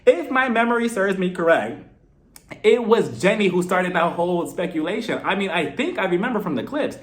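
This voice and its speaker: High voiced guy doing a blunt animated reality tv recap, swears a lot. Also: normal speed. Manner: animated, blunt, swears freely, mimics the cast in put-on voices. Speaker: reality TV reviewer. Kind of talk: casual commentary.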